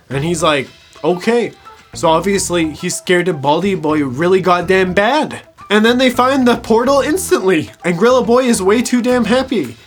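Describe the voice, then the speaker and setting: Crude mocking man recapping a show. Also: sits high. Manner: crude, mocking, swearing, laughing at own jokes. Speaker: TV show reviewer. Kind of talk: casual episode recap commentary.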